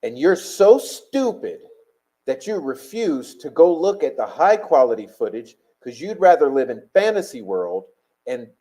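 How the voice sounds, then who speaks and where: A man with a dark, mellow voice hosts a live stream in a casual way. He talks to his chat bluntly and combatively, with plenty of swearing. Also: medium pitch, big pitch swings, moderate pace, low-quality recording.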